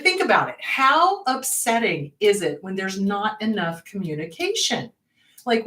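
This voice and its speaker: Her voice sits on the high side with a fairly bright tone as this woman therapist hosts a casual educational show, dramatizing panicked inner voices in her explanations. The mic is far away, leaving a roomy echo.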